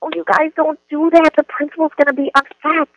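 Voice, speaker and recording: A man's voice: very high-pitched, little pitch movement, brisk, no echo, dull audio, voice pushed up. Man doing a whiny, helpless teacher. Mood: whiny pleading. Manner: whining, defensive, helpless. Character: whiny, anxious teacher pleading with students.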